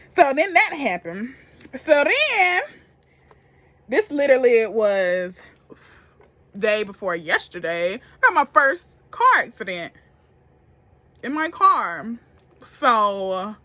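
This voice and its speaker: A young woman telling a story to camera in a casual, profane, animated way, getting loud and then hushed. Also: medium pitch. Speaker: beauty vlogger.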